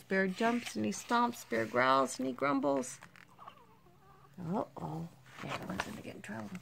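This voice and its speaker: An older woman, a grandmother, gently reading a picture book aloud to a small grandchild, with soft asides between pages. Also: mid-range voice, creaky, a little hiss or hum. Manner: slow, gentle storytelling with quiet asides.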